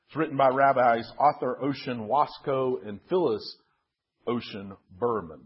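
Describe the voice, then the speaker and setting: Slow, husky-voiced male preacher. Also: mid-range voice, dull audio. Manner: earnest, repeats words when stressing them. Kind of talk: sermon with a read-aloud story.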